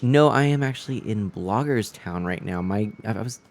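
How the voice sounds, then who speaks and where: Chatting casually while playing a game, this man streams from a home room on a newly set up desk mic, tripping over his words now and then. He speaks on the low side, expressively and at a moderate pace. There's a little hiss or hum in the recording.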